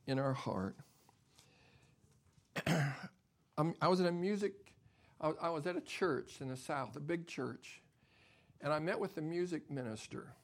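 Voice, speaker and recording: An older man preaching a sermon as pastor, dropping to soft near-whispers and then building to loud, emphatic preaching. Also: on the high side.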